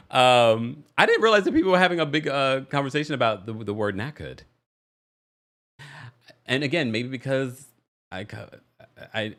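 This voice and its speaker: Brief: American male host, animated call-in chat, very lively pitch. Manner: animated, chatty, laughs often. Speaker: podcast host taking callers. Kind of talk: casual call-in show chat.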